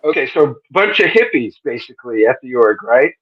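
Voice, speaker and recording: A man's voice: medium pitch, very animated, brisk. A man hosting a live-stream interview over a video call, chatty, joking and rambling with frequent self-corrections. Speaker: interview host. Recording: dull lo-fi stream audio.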